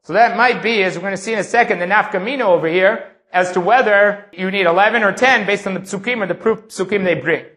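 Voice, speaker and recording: A man lectures on Talmud in a high, ringing voice. He reads each Aramaic line, then works through its meaning in English, step by step. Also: fast, few pauses, fairly bright tone. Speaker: Talmud teacher.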